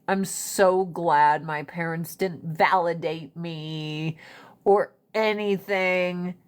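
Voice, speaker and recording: A woman's voice: fairly low pitch, fairly even intonation, drawn-out words, clean tone. A woman in casual livestream chat, blunt and profane, often laughing, talking into a phone. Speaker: livestream host.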